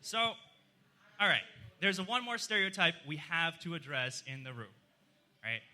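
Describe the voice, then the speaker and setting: A man's voice: on the high side, very animated, measured pace, sharp tone. A man doing live stand-up comedy in a club, chatty and self-deprecating as he riffs with the crowd. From outside the US.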